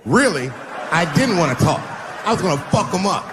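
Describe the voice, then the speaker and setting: A man performing stand-up comedy on stage in front of a live audience, animated and bursting into shouts. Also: high-pitched, fairly quick. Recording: noisy live show recording.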